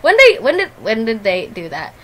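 High, bright-voiced girl gaming host. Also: huge pitch swings, normal speed. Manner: giggly, playful banter. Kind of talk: casual chat while playing a game.

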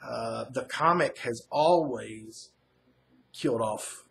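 Man, comic reviewer, casual recap, rambling, lots of fillers, mid pitch. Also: takes it slowly, creaky. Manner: rambling, filler-heavy retelling. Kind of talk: casual first-reaction recap.

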